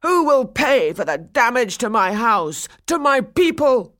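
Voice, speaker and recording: A woman's voice: a little high, very animated, a little slow, voice pushed up. Woman doing a frantic old dollmaker. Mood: indignant. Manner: shouting, anguished cries.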